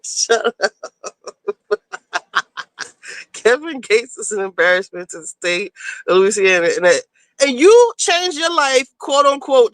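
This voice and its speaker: High bright gossipy woman streamer. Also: dry recording, poor audio. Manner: gossipy, blunt and profane, rushing through the story. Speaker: livestream host. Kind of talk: casual reality-TV recap chat.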